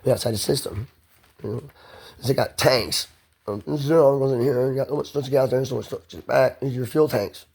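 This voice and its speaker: A man's voice: mid-range voice, a little fast, vocal fry, a little mellow, slightly rough. Man, ordinary mid-range voice, rambling profane solo monologue. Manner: loose, profane, stream-of-consciousness musing. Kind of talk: rambling self-recorded monologue.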